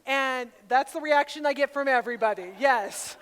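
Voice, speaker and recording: A middle-aged woman speaking at a women's retreat, telling a personal story with animated, sometimes loud bursts. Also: high-pitched, moderate pace, smooth. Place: large hall at a camp retreat. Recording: long reverb of a large hall.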